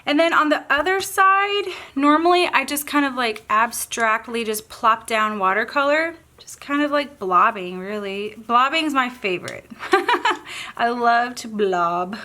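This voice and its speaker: A woman's voice: a little high, animated, measured pace, pushed and bright. Bubbly Southern woman chatting while painting. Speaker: craft tutorial host. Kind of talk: casual painting tutorial.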